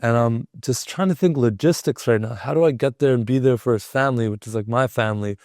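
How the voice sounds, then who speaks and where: A man's voice: medium pitch, quick pace, darkish tone, no room sound, studio quality. A young man, a podcast guest, telling a personal story in a casual, rambling way with lots of "like". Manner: rambling, heavy use of filler "like".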